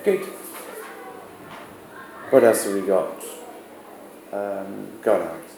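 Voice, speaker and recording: A male teacher explains a text to his class in an unhurried way, often asking rhetorical questions as he goes. His voice is mellow and dark. The classroom is echoey, with a faint hum of background noise. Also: fairly low pitch, gravelly. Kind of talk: classroom literature lesson.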